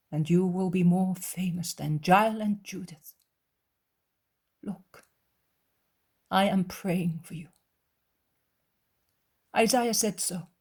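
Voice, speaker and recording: Jesus, soft and tender, slow and breathy, read by a woman. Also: lowish voice, exaggerated voice. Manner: soft, hushed, tender speech. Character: gentle, compassionate male Jesus, calm and loving.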